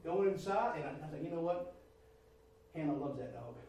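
A man, middle-aged, preaching in a folksy, storytelling way that swings up into loud exclamations. His voice sits high for a man. He sounds distant from the mic in an echoey room. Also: animated, moderate pace, slight background noise. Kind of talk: storytelling sermon.

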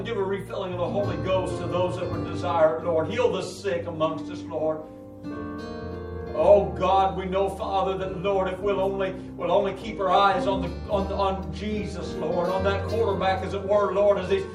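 A man's voice: high-pitched, level tone, moderate pace. Fervent preacher man praying aloud. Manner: fervent, repetitive invocations, rising to shouting. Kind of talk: sermon prayer. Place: church sanctuary. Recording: echoey church from far off with music. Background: guitar music.

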